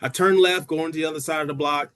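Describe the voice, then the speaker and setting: A man's voice: fast talker, clear, resonant tone. A middle-aged man from Brooklyn with a New York accent, a university track coach telling stories as a podcast guest, acting out dialogue with big jumps in his voice. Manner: lively, acts out dialogue with big pitch jumps. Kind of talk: animated storytelling in a podcast interview.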